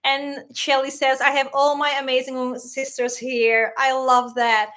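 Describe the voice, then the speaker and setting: High-pitched woman on a spiritual livestream, teary and rambling, reads the chat out loud. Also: little pitch movement, measured pace. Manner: heartfelt and rambling, reading chat aloud, fighting back tears. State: tearful. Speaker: spiritual teacher hosting a livestream. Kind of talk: emotional livestream talk.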